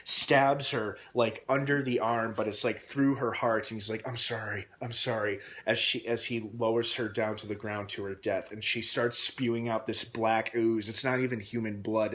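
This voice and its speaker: A man recapping a TV episode in a casual, rambling vlog with many pauses and fillers. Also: on the low side, steady tone, a bit bright. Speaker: TV episode reviewer.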